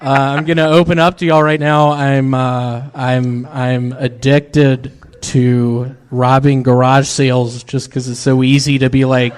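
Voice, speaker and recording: Man from Memphis, deadpan stand-up, hesitant fillers, mid pitch, live comedy club. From Memphis, Tennessee. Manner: halting, hesitant delivery with many fillers. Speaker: comedian guest.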